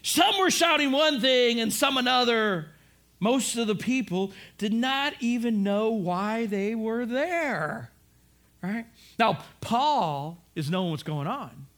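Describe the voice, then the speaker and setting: A man preaching a sermon, telling the story in an animated way, acting out voices and rising to shouts. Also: extremely high pitch, slow pace. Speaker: pastor.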